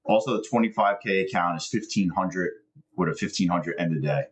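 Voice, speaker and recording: Very deep-voiced man, blunt and casual. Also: brisk. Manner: blunt, dismissive, profane. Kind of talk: casual chat on a live stream.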